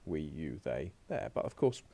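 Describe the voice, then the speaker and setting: A man's voice: a bass voice, sing-song, normal speed, gravelly, mellow. A man teaching a recorded remote French lesson, chatting to himself as he works through slides on a laptop. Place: home or classroom desk at a laptop.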